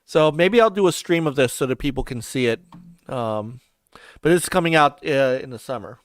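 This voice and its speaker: A man's voice: medium pitch, lively intonation, moderate pace, dry recording. A man hosting a video game podcast in casual chat, talking in a loose, chatty way with restarts. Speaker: podcast host.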